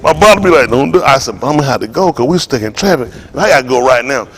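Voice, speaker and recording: A man preaching to a congregation in a joking, storytelling way, laughing and shouting often. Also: mid-range voice, lively intonation, rapid-fire, crowd noise. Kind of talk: comic sermon talk to a congregation.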